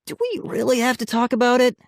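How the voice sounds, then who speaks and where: A man voicing a greedy, excitable teenage troublemaker in a storybook, pitched well up from his own voice with lively, loud swings. The recording is dry and close. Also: fast talker, vocal fry, dry recording, exaggerated voice. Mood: defensive. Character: greedy, cheeky teenage boy, brother and troublemaker. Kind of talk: audiobook character voice.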